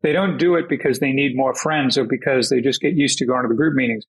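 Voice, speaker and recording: A man appearing as a podcast guest, explaining ideas in a measured way during a casual conversation. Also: mid-range voice, breathy edge, rough recording. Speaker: podcast guest, peer-group expert.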